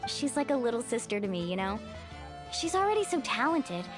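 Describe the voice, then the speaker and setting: A woman's voice: on the high side, sing-song, fairly quick. A woman voicing a confident, encouraging young woman warrior in a video game. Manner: encouraging, breezy. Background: game music.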